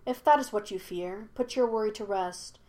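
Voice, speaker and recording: A cool, measured old male spirit, as a woman reader puts him on, lecturing his young successor with stern disapproval. He speaks in a level voice at a middle pitch, never raising it. Storybook narration style. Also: dark tone, close to an everyday voice.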